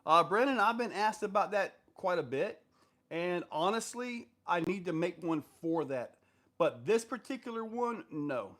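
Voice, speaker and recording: A man's voice: high voice, lively intonation, a little slow, fairly bright tone. Chatty man hosting a hobby live stream. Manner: loose and rambling, many fillers, reads comments aloud. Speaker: livestream host answering viewer questions. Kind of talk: casual live-stream chat.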